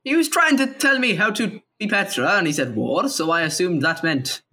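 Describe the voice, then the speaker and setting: A brash, foul-mouthed warrior paladin, voiced by a tabletop player in casual in-character role-play. The voice is bright and sharp. Its pitch swings widely as he brags and bristles. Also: expressive, moderate pace. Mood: defensive. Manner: brash, swearing, laughing a lot. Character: brash male warrior paladin, blunt and crude.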